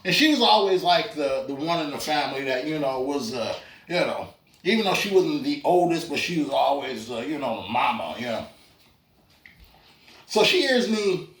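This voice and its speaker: A man's voice: on the high side, fairly bright tone. A man in doing a stand-up comedy set, loose and chatty, with lots of fillers and asides to the crowd. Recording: roomy club sound from a distance.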